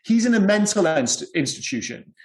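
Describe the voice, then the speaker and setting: A man's voice: high voice, very animated, moderate pace, reverberant. A man co-hosting a podcast, talking casually and rambling about a film with lots of "you know" and "yeah". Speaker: podcast co-host.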